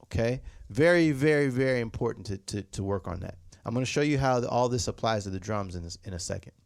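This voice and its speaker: A drum instructor talks fast and animatedly in a creaky, medium-pitched voice during an instructional demonstration. Snare drum plays in the background while he patiently repeats points and sings out rhythms as "da, da."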